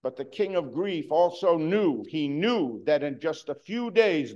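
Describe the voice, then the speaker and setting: A man preaching a sermon, earnest, moving between hushed and emphatic delivery. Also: on the high side, lively intonation, a little slow, few pauses, lo-fi sound.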